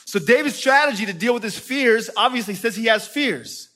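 A man's voice: very high-pitched, animated, moderate pace, sharp tone. A man preaching a sermon in a conversational way, often checking in with his listeners.

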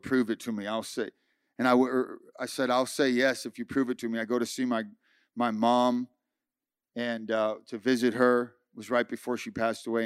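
A man pastor giving a sermon, telling a personal story with lively acted-out dialogue. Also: mid-range voice, clear, resonant tone, dry recording, studio quality. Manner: animated storytelling, acting out dialogue. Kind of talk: sermon testimony.

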